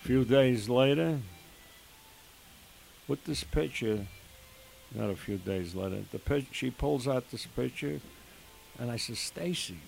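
An older man slowly telling his own emotional story as a father, in an earnest way with quoted dialogue. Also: mid-range voice, gravelly, a little mellow. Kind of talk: personal testimony storytelling. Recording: faint hiss behind the voice.

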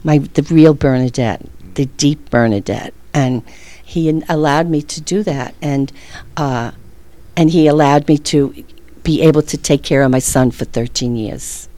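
A middle-aged woman with a low, deep voice tells a personal faith story in an earnest, animated way, laughing often between thoughts. The sound is dry and close, with no room around her. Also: measured pace, dry recording. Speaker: guest.

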